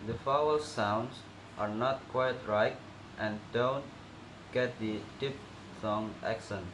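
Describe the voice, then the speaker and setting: A young male student slowly reading out a pronunciation assessment and demonstrating sounds. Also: mid-range voice. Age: young adult. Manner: slow, careful, demonstrating sounds. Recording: echoey room with noticeable background noise.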